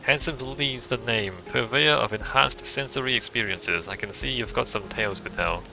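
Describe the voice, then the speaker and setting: A man's voice: medium pitch, moderate pace, creaky, music in the background, close to an everyday voice, rough recording. A man reading as a suave, smug drug dealer. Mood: smooth. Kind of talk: reading game dialogue aloud.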